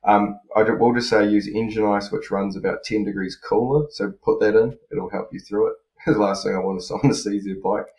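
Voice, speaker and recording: A man chatting casually on a podcast, relaxed and rambling, with many fillers and restarts. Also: lowish voice, brisk, hardly any pauses. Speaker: podcast co-host, freestyle motocross rider. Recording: roomy echo.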